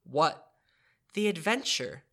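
Male reader as a small, sleepy, well-mannered boy in a storybook reading; bright tone. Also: on the high side, very animated, takes it slowly, voice pushed up, exaggerated voice. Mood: sleepy polite. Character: sleepy polite little boy.

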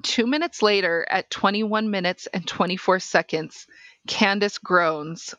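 A woman reads a case transcript aloud at an unhurried, deliberate pace, laying out each timestamp. Her voice is dry and close, with nothing of the room around it, and she sits at a middling pitch for a woman. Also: a bit bright, no echo. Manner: measured, deliberate reading.

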